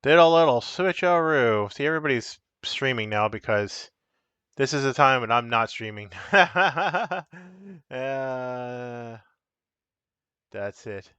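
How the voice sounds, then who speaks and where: A man's voice: medium pitch, expressive, takes it slowly, long pauses, sharp tone, clean tone, no room sound, muffled recording. A man casually chatting on a live stream as he shows and explains the cards of a solo card game, rambling and correcting himself as he goes.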